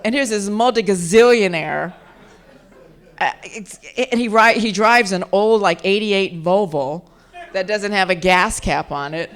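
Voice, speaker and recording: Animated woman telling lively stories. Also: mid-range voice, measured pace. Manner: animated, laughing anecdotes with repeated restarts. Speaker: actress and author being interviewed. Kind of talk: casual interview storytelling. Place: live event at a museum.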